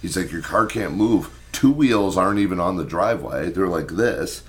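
Laid-back man, low voice, swearing storyteller. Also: normal speed. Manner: animated, swearing, acts out his own past lines loudly. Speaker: podcast co-host. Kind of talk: casual storytelling chat.

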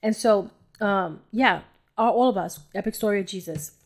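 A woman's voice: medium pitch, moderate pace. A woman with a mid-range voice hosts a podcast and tells her own testimony of faith. She speaks emotionally and rambles, turning often to her listeners, and at times she drops to a near whisper. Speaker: podcast host. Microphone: audio-only home recording.

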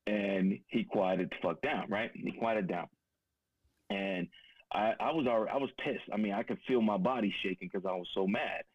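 A man's voice: lowish voice, normal speed, dry recording, highs cut off. A man co-hosting a podcast, talking in a blunt, profane, casual way and telling a personal story. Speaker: podcast co-host. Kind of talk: casual conversation.

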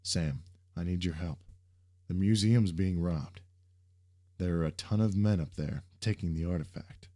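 An earnest young superhero with an insistent, encouraging manner, as a male reader voices him. His voice is low and mellow, only a little raised above the narration. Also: normal speed, close to an everyday voice.

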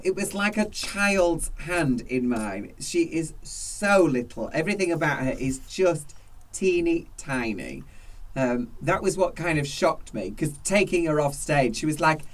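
A man co-hosting a chat, expressive and dramatic, with loud laughs. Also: fairly high pitch, a little slow, far from the mic. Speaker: co-host, drag performer. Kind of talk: casual chat.

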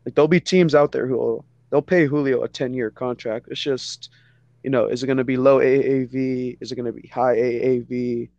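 A man's voice: mid-range voice, fairly even intonation, a little fast, gravelly, darkish tone, dry recording, muffled recording. A man co-hosting a casual sports podcast, talking loosely with a lot of "you know" fillers. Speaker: podcast co-host.

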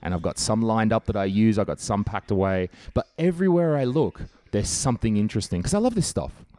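A comedian talking casually on his own show, animated and swearing freely as he acts out quoted voices. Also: lowish voice, fairly quick. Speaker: comedian podcast host. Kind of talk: casual monologue.

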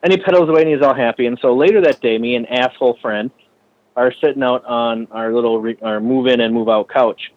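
A man's voice: mid-range voice, brisk, dull audio. A custom bicycle frame builder, a man telling stories in a casual podcast interview, swearing freely and ranting heatedly.

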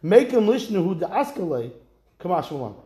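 A man teaches a Talmud class with a lively, high voice that leaps up and down as he chants the text. He slips Aramaic and Hebrew phrases into his English. The room around him is echoey. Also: normal speed. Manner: animated, mixes Aramaic and Hebrew terms into English, sing-song quoting. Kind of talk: animated Talmud class lecture.

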